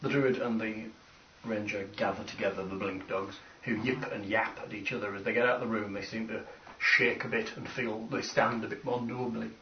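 A man running a tabletop game as game master, narrating in a halting, descriptive way. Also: lowish voice, fairly even intonation, slight background noise. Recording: roomy, distant, dull lo-fi room mic.

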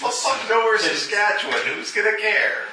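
A man's voice: high-pitched, big pitch swings, moderate pace, background noise. A man making bawdy wisecracks as a player in a tabletop game. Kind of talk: casual tabletop game chat. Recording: echoey room, distant mic.

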